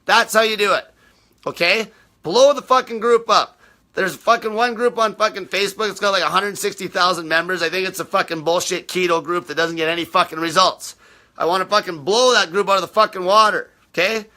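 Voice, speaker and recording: A man with a high, piercing, tense voice rants on a live stream, answering viewers bluntly and combatively. He swears almost constantly and talks in an aggressive, no-nonsense way. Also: a little fast, sharp tone. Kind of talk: unscripted live rant.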